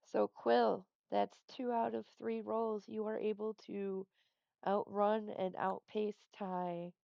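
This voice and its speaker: A woman runs a tabletop game, laying out the rules slowly and patiently. Her voice has a gravelly fry, and the sound is dry, dull and lo-fi. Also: mid-range voice, little pitch movement, dark tone, no echo. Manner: patient, explains the rules step by step. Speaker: dungeon master.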